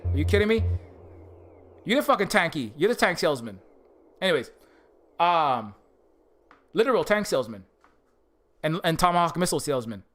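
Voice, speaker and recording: A man's voice: on the high side, big pitch swings, moderate pace, long pauses, a bit bright. A man streaming live and ranting in a heated, profane way, repeating his points with many fillers. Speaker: streamer and indie game developer. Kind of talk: livestream rant.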